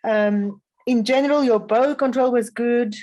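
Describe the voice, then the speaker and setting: A woman giving measured spoken feedback to young violinists as a festival adjudicator, often pausing with "um.". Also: a little high, a little mellow, low-quality recording. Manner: measured, instructive, frequent um fillers.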